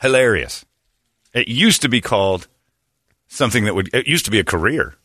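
A man's voice: fairly low pitch, sing-song, normal speed, bright, forceful tone, no room sound, clean studio sound. A man hosting a talk show, talking in a brash, opinionated rant and laughing between points. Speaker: radio show host.

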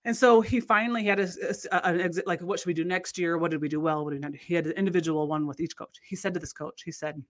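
A woman casually telling a long anecdote in conversation. She rambles with restarts and acts out the people in her story with big jumps in pitch. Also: fairly even intonation, quick pace, hardly any pauses. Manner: rambling, many restarts and fillers.

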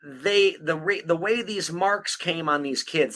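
A man's voice: fairly high pitch, measured pace, few pauses, a bit bright. A man hosting a podcast, telling a true-crime story in a casual, blunt way, swearing constantly and laughing often. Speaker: podcast host.

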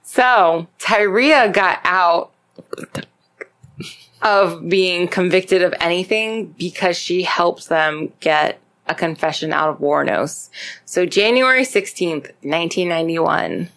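A woman hosting a podcast, casually retelling a true crime story with lots of swearing and animated acted-out quotes. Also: lowish voice, slow pace. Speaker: podcast host.

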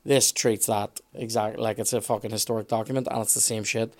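A man chatting casually on a podcast, opinionated and animated, with some swearing. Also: on the low side, fairly quick. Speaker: podcast guest expert.

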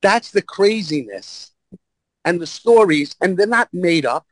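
A man's voice: sits high, animated, unhurried, poor audio. A man guest telling blunt, profane stories and acting out the other people in them. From New York. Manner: blunt, profane, acts out voices in his stories. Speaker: podcast guest storyteller. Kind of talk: animated anecdote telling.

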